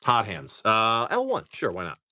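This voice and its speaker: A man with a Massachusetts accent hosting a live stream, opening card packs and rattling off each card in quick lists with joking asides. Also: lowish voice, huge pitch swings, pushed and bright, dry recording, studio quality. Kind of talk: casual live commentary.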